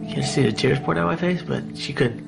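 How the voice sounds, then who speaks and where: A man's voice: mid-range voice, fast, creaky. A man giving a candid, rambling personal testimony in an interview, with many fillers and restarts. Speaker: interviewee recounting his own story. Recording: music playing under the voice.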